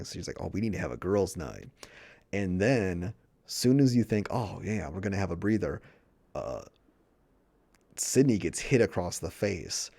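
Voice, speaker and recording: Casual male movie reviewer, low and mellow, profane and rambling. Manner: rambling, profane, retells scenes with quoted dialogue.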